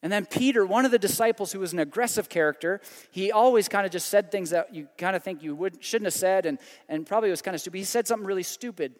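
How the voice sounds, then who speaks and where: High-voiced preacher in a reverberant hall. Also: male voice, fast, hardly any pauses. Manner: dramatic storytelling, surging then hushed prayer. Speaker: pastor. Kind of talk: sermon.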